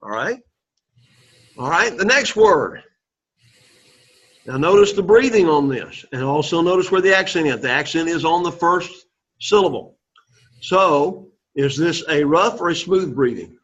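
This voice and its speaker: A man's voice: fairly high pitch, lively intonation, measured pace, pauses often, fairly bright tone, breathy edge. A man teaching a Greek class, encouraging the students and repeating words for them to echo, in a dull lo-fi classroom recording. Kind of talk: classroom pronunciation drill.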